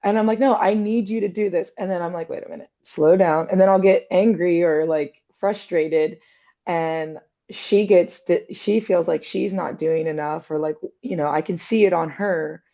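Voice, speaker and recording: A woman's voice: fairly low pitch, moderate pace, dark tone, highs cut off. A woman in casual reflective conversation, thinking aloud with many fillers and little acted-out quotes.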